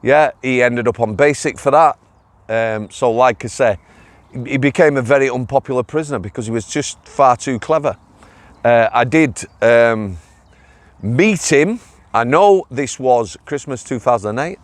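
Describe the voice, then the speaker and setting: A man's voice: mid-range voice, moderate pace, dry recording. A middle-aged man with a Greater Manchester accent, a former prison officer telling blunt, chatty stories on his own channel. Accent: Northern English, Greater Manchester. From England. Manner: blunt, chatty, drops in local dialect words. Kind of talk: casual storytelling vlog.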